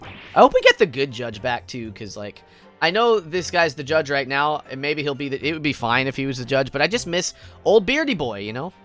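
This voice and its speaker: A woman's voice: extremely low pitch, big pitch swings, fairly quick, soft background music. A woman streaming a game, giggly and playful, chatting with viewers. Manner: giggly, playful, reads chat.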